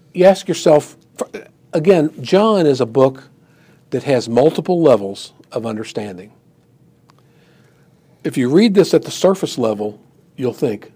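A man's voice: mid-range voice, mellow, slightly rough. A man preaching a sermon and teaching a Bible passage in a conversational way, with many "you know"s, who acts out the quoted lines with rising emphasis. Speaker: pastor.

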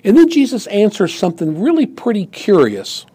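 A man's voice: high voice, wildly swooping pitch, normal speed, few pauses, mellow, husky. A man preaching a sermon and teaching a Bible passage in a conversational way, with many "you know"s, who acts out the quoted lines with rising emphasis. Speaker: pastor.

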